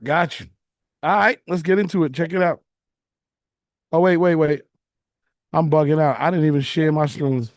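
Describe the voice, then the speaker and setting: Relaxed male host, easy laugh, somewhat high voice, close dry mic. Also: moderate pace, long pauses, dry recording. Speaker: podcast host. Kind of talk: casual chat.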